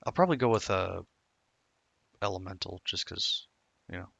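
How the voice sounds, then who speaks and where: A man's voice: deep voice, moderate pace, creaky, a bit bright, husky, dry recording, lo-fi sound. A man streaming a game, chatting casually and rambling through stories with many self-interruptions. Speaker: gameplay streamer. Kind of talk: casual gameplay commentary.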